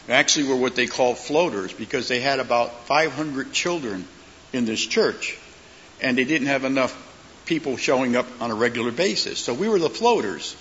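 A middle-aged male pastor preaching with a bright, forceful voice and acting out the people in his stories. The sound is dull and lo-fi, with a faint hiss. A long reverb hangs in the sanctuary. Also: mid-range voice. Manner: animated storyteller, acts out voices in his stories. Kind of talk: sermon.

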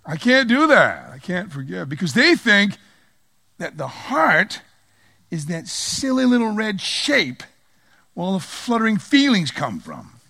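A man preaching a sermon in an animated way, swinging from loud emphasis to low quiet asides and acting out quoted voices. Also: no echo, clean studio sound.

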